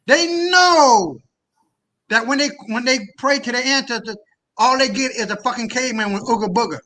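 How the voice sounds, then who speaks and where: Man, high voice, bright and sharp tone, heated profane rant, from the United States. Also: steady tone, fast, rough recording. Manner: impassioned, profane, often raising his voice to near shouting. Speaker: guest on a discussion call. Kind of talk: heated ranting talk.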